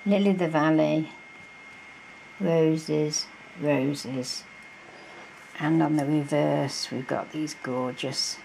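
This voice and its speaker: A woman's voice: low voice, fairly even intonation, takes it slowly, vocal fry, long pauses, darkish tone, a little hiss or hum, low-quality recording. A woman crafting vlogger in a casual show-and-tell, chatty and gushing, with many fillers, recorded on a camera mic at home.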